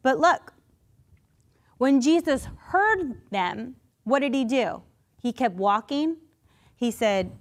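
A woman preaching a sermon in a conversational, animated way, with restarts and asides, sometimes acting out quoted voices. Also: sits high, slow pace, pauses often. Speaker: pastor.

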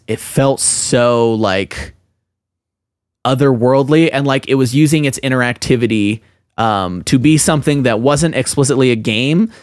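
A man's voice: medium pitch, no room sound, clean studio sound. A man co-hosting a podcast in casual chat, rambling and thinking aloud with frequent restarts. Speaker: podcast co-host.

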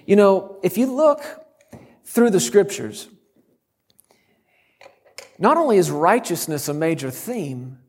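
A man's voice: high voice, darkish tone, slightly rough. A middle-aged man preaching a sermon as a guest speaker, bold and emphatic with touches of humor.

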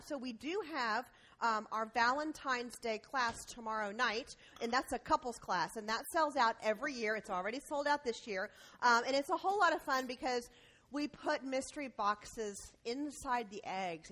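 A woman's voice: fairly high pitch, bright, forceful tone. A woman chef on live radio, upbeat, describing and promoting cooking classes.

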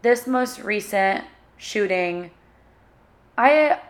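Soft-spoken young woman, halting and emotional. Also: mid-range voice, lively intonation. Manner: emotional, halting, searching for words. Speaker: podcast host. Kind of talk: solo podcast talk.

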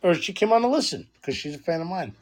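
A man co-hosting a podcast remotely in loud, profane, laugh-filled casual banter. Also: high voice, very animated, fast talker. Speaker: podcast co-host.

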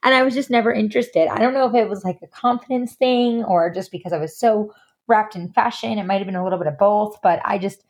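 A woman's voice: medium pitch, fast talker, darkish tone. A woman guest in a casual podcast interview, chatty and full of "like" and "um" fillers. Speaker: guest, stylist and designer.

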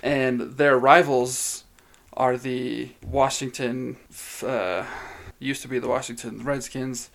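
A man co-hosting a podcast, talking casually and retelling moments he loved. His voice has a gravelly, creaky edge, and his pitch sits in the middle. He tells stories in a loose, chatty way and leans on "like". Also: level tone, slow, fairly bright tone. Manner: chatty storyteller, says "like" often. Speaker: podcast co-host. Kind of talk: casual chat.

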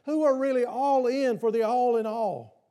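High-voiced pastor with a mellow tone. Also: male voice, moderate pace. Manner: asks the congregation repeated questions. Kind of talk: sermon. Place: church.

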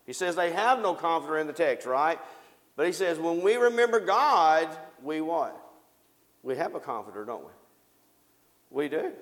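A preacher with a raised, gravelly voice delivers a sermon. He reads scripture aloud and puts questions to the congregation, then answers them himself. The long reverb of a church hall carries his words. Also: on the high side, fairly bright tone.

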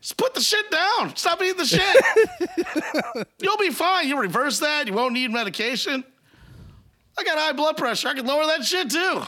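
A man's voice: very high-pitched, very animated, moderate pace, pauses often, sharp tone. A man hosting a casual podcast, out of breath as he talks, laughing constantly and swearing freely in a jokey, self-mocking way. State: out of breath while talking. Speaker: podcast host.

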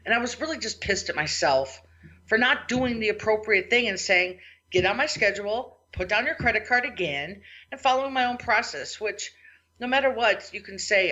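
A woman hosting a podcast, telling a work story in a casual, animated way and acting out her own reactions and her clients' words. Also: lo-fi sound. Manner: animated, quotes herself and clients with big pitch jumps. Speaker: IT business owner and podcast host.

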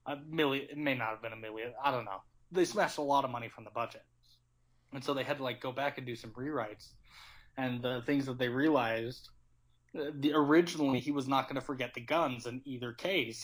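A young man in casual film chat, animated and laughing often. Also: mid-range voice, fairly quick. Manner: animated, laughing, acts out quotes.

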